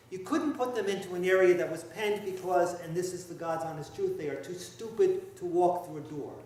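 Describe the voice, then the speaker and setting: A priest delivering a conversational, wry and emphatic sermon, with asides to the congregation. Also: male voice, high-pitched, darkish tone. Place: church sanctuary. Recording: echoey church, heard from far off.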